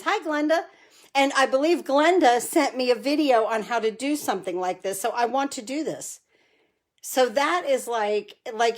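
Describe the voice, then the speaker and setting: Middle-aged woman from New Jersey, friendly craft-stream host, chatty and upbeat, voice sits a bit high. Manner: chatty, greets viewers by name, enthusiastic about cards. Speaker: card-making demonstrator hosting a live stream. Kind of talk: casual live craft tutorial.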